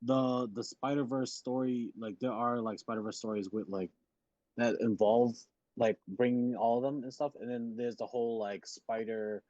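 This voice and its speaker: A man's voice: mid-range voice, fairly even intonation, moderate pace, warm tone, no echo, highs cut off. Man, podcast co-host, hesitant and searching for words, close dry recording. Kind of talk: casual chat.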